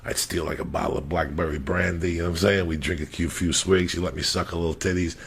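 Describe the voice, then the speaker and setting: Here a comedic storyteller talks fast in a low, gravelly, husky voice with fairly even intonation. In a relaxed chat he recounts crude tales, cursing constantly and imitating the people he quotes.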